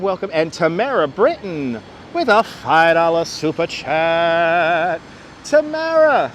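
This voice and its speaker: A man giving a chatty live-streamed walking tour outdoors on city streets, greeting viewers by name, a little congested from being under the weather, on a wireless clip-on mic. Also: a little high. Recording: faint street and traffic noise.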